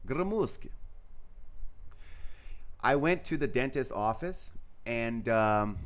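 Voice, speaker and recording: Chatty male chess commentator, rambling, lots of fillers, mid-pitched. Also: expressive, measured pace, fairly bright tone, clear, resonant tone. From Brazil. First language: Portuguese. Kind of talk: live game commentary.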